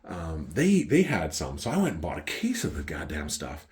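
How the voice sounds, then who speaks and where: A middle-aged man from Canada with a Canadian accent, telling a story in a casual, profane, animated way. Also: very deep voice, moderate pace. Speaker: wine collector vlogger.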